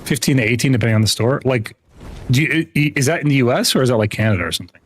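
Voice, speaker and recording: A man's voice: medium pitch, lively intonation, very fast, slight background noise. Rambling young man streaming a game. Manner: rambling, full of "like" and restarts; laughs easily, chatty with viewers. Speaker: gaming livestreamer. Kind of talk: casual chat while gaming.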